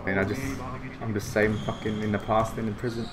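A young man giving excitable, foul-mouthed reaction commentary. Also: fairly low pitch, brisk, heavy background noise. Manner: excitable, swears a lot, bursts of shouting. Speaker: vlogger reacting to basketball footage.

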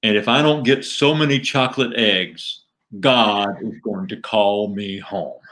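A ventriloquist man voicing a male rabbit puppet who speaks slowly and deadpan. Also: fairly low pitch. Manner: slow deadpan delivery.

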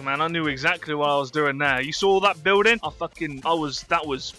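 Bright, excitable gamer guy. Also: on the high side, a little fast, soft background music. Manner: excitable, sweary, easily startled. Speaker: gaming YouTuber. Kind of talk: gameplay commentary.

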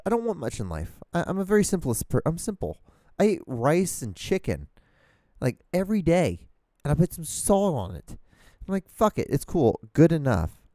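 Warm-voiced man ranting profanely. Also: a little high, no echo, studio quality. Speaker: podcast host. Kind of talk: casual solo rambling rant. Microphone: studio microphone, talking to camera.

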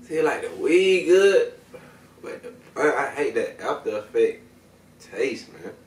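A man's voice: medium pitch, sing-song, slow pace, echoey room, distant mic. A man hosting a vlog, chatting casually and profanely straight to his viewers in heavy slang while he reviews what he is smoking. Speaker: video host reviewing smoking products.

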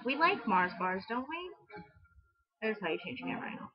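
A woman's voice: on the high side, big pitch swings, moderate pace. A young woman livestreaming a game, chatting nervously, talking to her character and asking viewers which way to go. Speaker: livestreaming gamer. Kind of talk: live game commentary. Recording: dull lo-fi stream audio.

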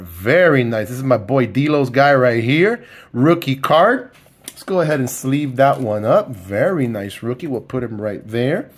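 A man giving casual, excited commentary as he opens trading card packs, calling out each card and talking to his viewers. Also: medium pitch. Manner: excited, talks to viewers by name, lots of fillers. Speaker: card collector opening packs.

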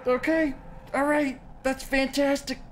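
A man playing a horror game on video, joking, swearing and reacting loudly to scares. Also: very high-pitched, little pitch movement, unhurried, very noisy. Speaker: gaming video host. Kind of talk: horror game let's play commentary. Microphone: desk mic with facecam.

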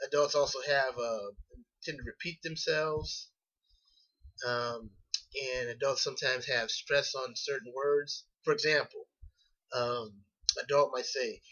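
Man presenting for class, halting with fillers and restarts, bright voice, dull lo-fi sound. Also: medium pitch. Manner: hesitant, many fillers and restarts. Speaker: graduate student presenting. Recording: dull lo-fi recording.

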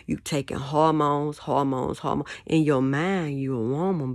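A woman's voice: low-pitched, fairly even intonation, unhurried, few pauses, a little mellow, no room sound, studio quality. A woman giving a rambling spoken monologue, repeating words and asking questions, often dropping to a whisper. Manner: repetitive, questioning, drops to whispers. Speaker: vlogger.

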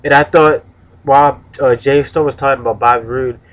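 A man's voice: medium pitch, steady tone, fairly quick. A man giving a casual, rambling review of a wrestling show, with many restarts and fillers.

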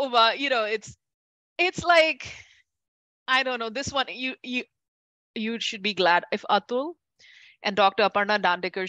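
A woman teaching a class, chatty and lively, calling on students by name and laughing easily. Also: a little high, no echo. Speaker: Ayurveda teacher. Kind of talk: classroom lecture with questions to students.

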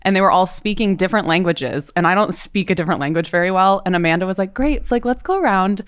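Fast-talking woman with a smooth voice. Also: medium pitch, animated. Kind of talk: casual chat.

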